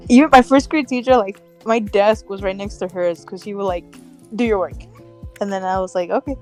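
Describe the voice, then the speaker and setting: A young woman with an ordinary mid-range voice talks loosely, pausing for fillers as she looks for words. Faint music plays in the background. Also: medium pitch, steady tone, darkish tone. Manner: chatty, hesitant, many fillers. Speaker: podcast co-host. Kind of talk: casual chat.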